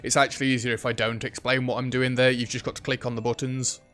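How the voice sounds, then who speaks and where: A man's voice: mid-range voice, flat delivery, quick pace, fairly bright tone, faint music behind. A man chatting and joking through a shop management game, talking to the customers on screen. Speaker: gaming YouTuber. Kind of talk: let's play commentary.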